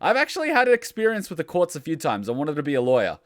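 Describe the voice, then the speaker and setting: A man's voice: fairly high pitch, huge pitch swings, fast talker, no room sound, clean studio sound. A young man giving casual, chatty, self-deprecating commentary while playing a game. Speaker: let's play gamer.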